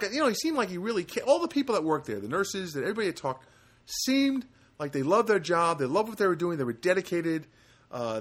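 A middle-aged man telling a rambling personal anecdote in a casual monologue, wry and joking, with frequent restarts. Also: a little high. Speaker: storyteller.

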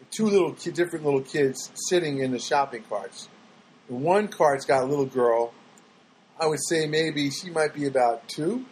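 High-voiced man ranting sarcastically about daily life, faint noise behind; casual monologue read. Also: rough recording. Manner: rambling with restarts. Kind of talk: storytelling monologue.

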